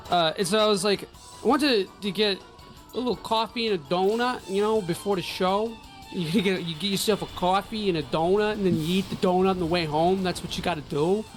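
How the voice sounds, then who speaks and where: A man co-hosting a gaming podcast, telling stories in an animated, swearing, laughing way. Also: high-pitched, brisk, faint music behind. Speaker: podcast co-host. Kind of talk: casual profane storytelling.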